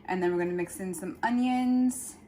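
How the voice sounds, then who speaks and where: This time the young co-host of the home cooking show speaks at a moderate pace with a mellow, medium-pitched voice, staying upbeat and talking straight to viewers during the casual demo and chat. The recording is rough, and faint room noise can be heard.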